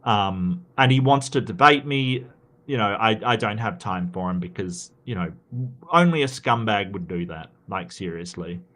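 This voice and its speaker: A man's voice: on the low side, lively intonation, normal speed, bright, forceful tone. Australian male streamer, casual and rambling, reads chat aloud, full of restarts and fillers.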